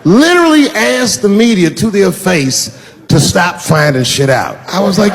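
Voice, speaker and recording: A man doing stand-up comedy, loud and profane, shouting his punchlines. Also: high voice, huge pitch swings, normal speed, creaky, big-room sound, noisy background. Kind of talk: stand-up routine.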